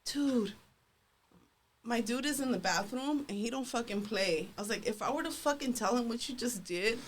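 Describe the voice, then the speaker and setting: Telling a story during relaxed podcast banter, a female co-host gets animated, curses freely, and performs other people's lines. Her fairly high voice moves at a normal speed over slight background noise.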